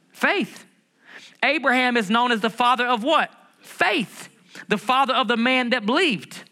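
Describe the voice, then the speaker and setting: High, bright-voiced preaching man. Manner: emphatic preaching, repeats key phrases, asks the congregation questions. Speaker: pastor. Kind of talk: sermon.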